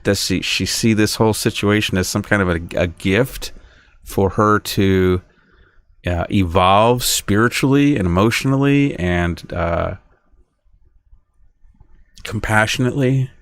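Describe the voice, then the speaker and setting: A man's voice: fairly low pitch, measured pace, long pauses, a bit bright, dry recording. A middle-aged man rambling through a solo podcast monologue, often stopping and restarting, sounding aggrieved. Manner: rambling, self-interrupting, aggrieved. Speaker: podcast host.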